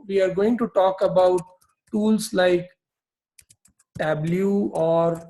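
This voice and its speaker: Slow, high-voiced male tech instructor. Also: mellow, rough recording. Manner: explanatory, many fillers and restarts. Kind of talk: recorded technical lecture while drawing.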